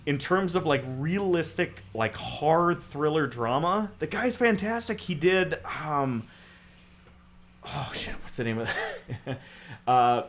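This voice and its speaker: A man's voice: a little high, expressive, slow, a little hiss or hum. A man co-hosting a casual movie podcast, ranting sarcastically and swearing freely. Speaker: podcast co-host.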